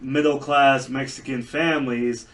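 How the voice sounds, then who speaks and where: Man from South Dakota, trucker and podcast co-host, bright tone, slightly distant from the mic, rambling anecdotal delivery. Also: medium pitch, flat delivery, measured pace. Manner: rambling anecdotes with fillers and restarts. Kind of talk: casual chat.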